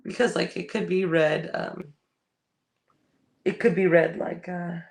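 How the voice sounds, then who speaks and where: Gravelly low-voiced woman, blunt storyteller. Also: level tone, measured pace, darkish tone. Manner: blunt storyteller, swears freely, acts out quotes. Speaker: podcast co-host. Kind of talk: casual chat.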